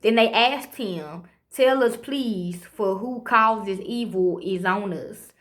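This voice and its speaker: A woman, reading scripture slowly and breaking into rambling, profane commentary with constant "okay?" asides. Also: mid-range voice, fairly bright tone. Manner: reads slowly, then rambles fast with frequent "okay?" and swearing. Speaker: amateur preacher.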